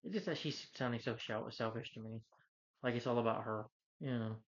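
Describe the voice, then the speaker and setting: A man talks through a movie's plot in a casual review, rambling and leaning on fillers as he goes. His voice sits at an ordinary pitch. The recording is dull and lo-fi. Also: fairly quick. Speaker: film reviewer.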